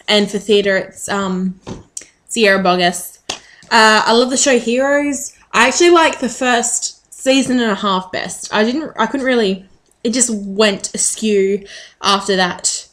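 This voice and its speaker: A woman's voice: mid-range voice, fairly even intonation, a little slow, a little hiss or hum. A woman chatting casually to the camera in a rambling way with frequent ums. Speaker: vlogger.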